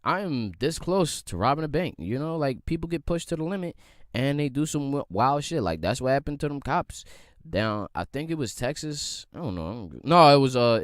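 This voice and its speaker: A young man hosting a casual solo podcast, ranting in a profane, animated way and mocking people in quoted voices. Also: mid-range voice, fairly quick, dry recording, clean studio sound. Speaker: podcast host. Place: home room at a computer.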